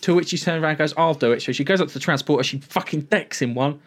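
A man in casual conversation, retelling a TV episode in a rambling, animated way and swearing freely. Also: a little high, rapid-fire. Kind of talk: casual TV recap chat.

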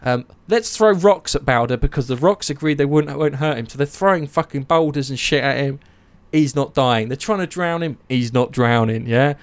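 Animated man telling myths. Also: mid-range voice, normal speed, few pauses, clean tone. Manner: animated storytelling, swears, acts out quotes. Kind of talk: casual chat.

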